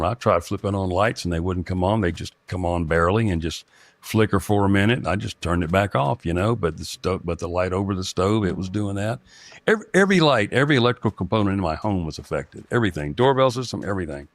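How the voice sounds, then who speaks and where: Middle-aged man, deep dry voice, halting storyteller full of restarts. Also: lively intonation, dry recording. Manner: halting, with frequent restarts and fillers. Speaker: guest telling a personal experience. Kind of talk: rambling first-person storytelling.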